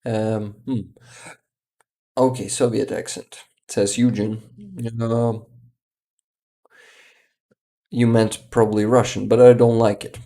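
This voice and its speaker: Gravelly, relaxed man streaming. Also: lowish voice. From Ukraine. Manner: unhurried, searches for words, laughs often. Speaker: livestream host. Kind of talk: casual livestream chat, reading viewer comments aloud.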